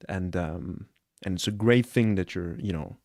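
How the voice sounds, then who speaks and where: Give me an earnest, rambling man with a low voice on a dry mic, chatting casually on a live stream. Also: measured pace, a little mellow, no room sound. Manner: earnest and rambling, often asks "you know what I'm saying?". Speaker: streamer reacting to a clip.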